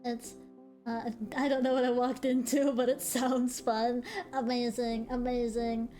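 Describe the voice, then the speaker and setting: A young woman streaming, her voice sitting a little high as she tells a story in casual chat. She is animated and swears freely, with quick laughing asides. Faint music runs underneath.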